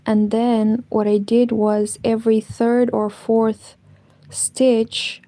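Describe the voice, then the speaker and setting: A woman hosting a casual knitting livestream from home, chatting with viewers in a soft, partly whispered voice. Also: on the high side, little pitch movement, slow, no room sound, low-quality recording. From Moldova. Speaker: knitting channel host. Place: home, indoors.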